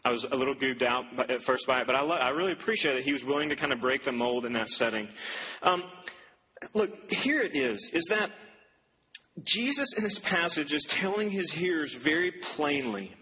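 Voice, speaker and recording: A man's voice: fairly high pitch, animated, moderate pace, bright, forceful tone, slightly rough. A young man preaching a sermon to students, telling a story in a loose, chatty way with asides and laughs. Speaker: campus preacher. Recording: long hall reverb, faint ambience.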